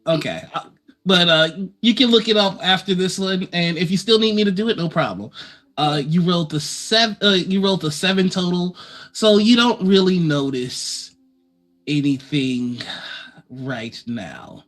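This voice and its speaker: Guy gm narrating a tabletop game, highish bright voice, lots of uhs, chill. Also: measured pace, faint music behind. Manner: relaxed, laughing, many uh fillers. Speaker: game master.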